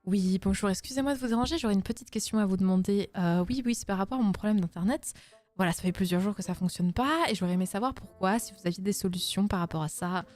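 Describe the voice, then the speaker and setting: A woman's voice: medium pitch, racing, darkish tone, soft background music, pitched below the performer's own voice, natural voice. A woman with a French accent acting out a polite young woman phoning her internet provider, in a neutral and courteous tone. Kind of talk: formal phone politeness.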